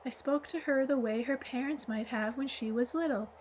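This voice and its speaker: A patient, grandfatherly old man, calm and wise, explaining things in an unhurried, gentle way, read by a woman. The voice sits fairly high. It comes from a plain audiobook reading. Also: slight background noise, close to an everyday voice, rough recording.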